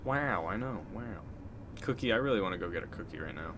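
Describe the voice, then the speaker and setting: An excitable male streamer commentating his gameplay live, joking and swearing as he talks to chat. His pitch jumps around a lot, and steady background noise sits under his stream mic. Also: quick pace. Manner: excitable, joking, swears freely, chats to viewers. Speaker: game streamer.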